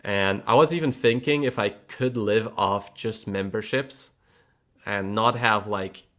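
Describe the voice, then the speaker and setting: Low-voiced man hosting a casual livestream. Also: unhurried, fairly bright tone. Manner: reads viewer messages aloud and thanks members, loose and rambling with many fillers. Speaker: livestream host.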